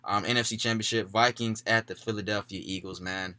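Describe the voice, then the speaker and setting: A young man casually talking through his football playoff picks for his channel. He keeps things laid-back, drops "man" into most sentences, and gets louder and more worked up when he backs a pick. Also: on the low side, fairly even intonation, a little fast, dry recording. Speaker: sports YouTuber.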